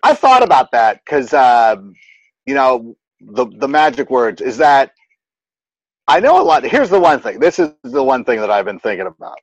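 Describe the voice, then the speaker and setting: A man's voice: medium pitch, normal speed, no echo, poor audio. A man in his thirties chatting casually in an interview about parenting, acting out quotes and leaning on "like" as a filler. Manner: animated storyteller who acts out quotes, many "like" fillers. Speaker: guest parent giving advice.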